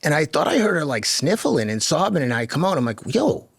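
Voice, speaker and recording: A man's voice: a little high, big pitch swings, quick pace, creaky, no room sound, studio quality. Candid Boston man in his fifties. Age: 50s. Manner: candid, laughs often, swears casually. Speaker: guest, marathon runner. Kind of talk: casual storytelling.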